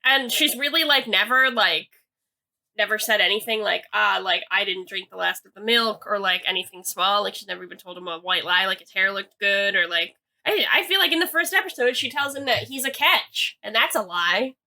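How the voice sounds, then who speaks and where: A woman's voice: medium pitch, a little fast, bright, forceful tone. A young woman co-hosting a podcast, casually recapping a TV episode with lots of "like" and hedging. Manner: chatty, hedging with "like", reads quotes aloud. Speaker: podcast co-host.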